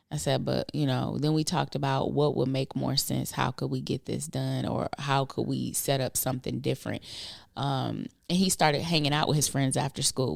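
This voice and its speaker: Middle-aged woman, podcast co-host, low and gravelly, earnest and thoughtful, dry close mic. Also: no room sound. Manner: thoughtful, earnest, speaks softly at times. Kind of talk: reflective casual conversation.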